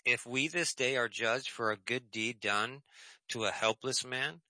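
A man's voice: medium pitch, measured pace, pushed and bright, no echo, low-quality recording. A man hosting a call-in radio program, reading scripture and preaching emphatically, repeating key phrases, then taking callers. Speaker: radio show host and preacher.

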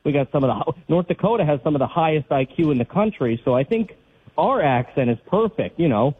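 A man calling in to a radio show, cracking wry jokes. He has a husky, slightly high voice. It comes through a tinny phone line. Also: lively intonation, fairly quick. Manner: joking, wry. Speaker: caller. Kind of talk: call-in radio chat.

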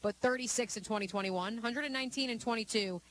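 A woman co-hosting sports talk radio, reeling off stats and analysis in a fluent, steady delivery. A faint hiss sits under her voice. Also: a little high, fast talker. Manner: fluent, stat-heavy, analytical.

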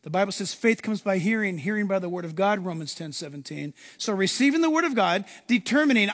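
A man preaching a sermon as pastor, animated, acting out quoted voices. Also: high-pitched, fast talker, hardly any pauses, in a large hall.

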